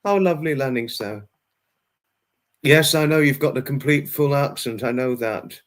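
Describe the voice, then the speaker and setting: A man's voice: mid-range voice, normal speed. A man hosting a casual livestream, answering viewers' chat one by one and repeating himself a lot, with many fillers and restarts. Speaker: livestream host reading chat.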